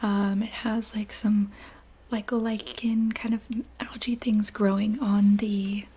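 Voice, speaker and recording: A woman narrating a guided visualization in a whispered role-play, soft and meandering, with many fillers. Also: mid-range voice, little pitch movement, takes it slowly, husky. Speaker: ASMR storyteller.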